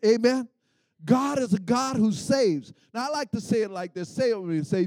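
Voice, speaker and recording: A high-pitched middle-aged male preacher delivers a sermon in a rising call-and-response style. He calls out to the congregation and swells into shouts at his peaks. The sound is close and dry, with no room echo. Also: expressive, normal speed.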